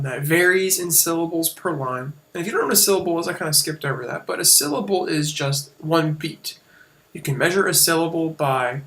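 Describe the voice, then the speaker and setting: Bright-voiced man teaching a casual lesson. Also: on the high side. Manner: casual, explanatory, with fillers and self-corrections. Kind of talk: screen-share lesson on poetic meter.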